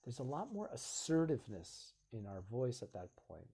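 A man's voice: medium pitch, sing-song, moderate pace, mellow, slightly rough. A man hosting a live video stream, talking casually and earnestly, reflecting aloud and acting out little dialogues.

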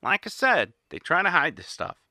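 Bright-voiced indignant male commentator. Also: fairly high pitch, wildly swooping pitch, moderate pace, no room sound, studio quality. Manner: indignant, sarcastic. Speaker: political commentator. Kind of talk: opinionated monologue. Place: small home studio.

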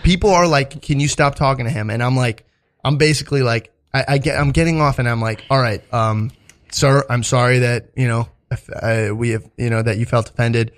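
A young male comedian in casual podcast chat. His voice sits in an ordinary middle pitch, and he tells stories in loose, rambling runs, packed with swearing, filler words and restarts. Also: fairly quick. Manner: rambling, profane storytelling with many fillers. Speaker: stand-up comedian and podcast host.

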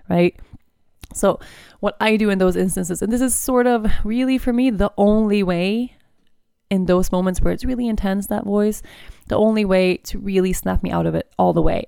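This podcast host has a gravelly, dark, mid-range voice, recorded dry with clean studio sound. Her casual personal chat is candid and chatty, peppered with "like," "you know," and other fillers.

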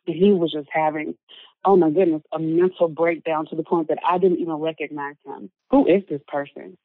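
A woman's voice: low voice, fairly even intonation, fairly quick, dry recording. A woman telling a personal story as an interview guest, earnest and full of filler words. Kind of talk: personal story told in conversation. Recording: narrow phone-like sound, dry.

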